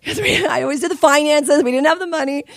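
Brief: high-pitched woman preacher, animated storyteller, dry close sound. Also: quick pace, dry recording. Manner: animated storytelling, laughing and crying through stories. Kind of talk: sermon testimony.

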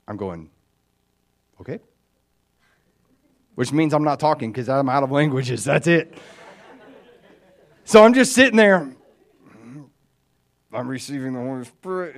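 A man giving a spoken testimony from the pulpit, casual and storytelling in tone. His voice sits in a middle range for a man. He moves between soft, hushed passages and bright, raised bursts of enthusiasm. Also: medium pitch. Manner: storytelling, swings from hushed near-whisper to loud and excited. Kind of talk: testimony sermon.

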